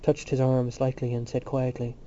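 A man reading literary fiction aloud in a measured, unhurried way, in a muffled recording. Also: mid-range voice, completely flat delivery, dark tone, a little hiss or hum. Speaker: audiobook reader. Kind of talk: scripted literary narration.

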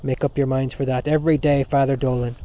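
A man's voice: mid-range voice, level tone, quick pace, dark tone, close to an everyday voice. A man voicing a stern, bullying priest who runs a boys' classroom, barking scornful orders. The sound is dull and lo-fi. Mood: scolding.

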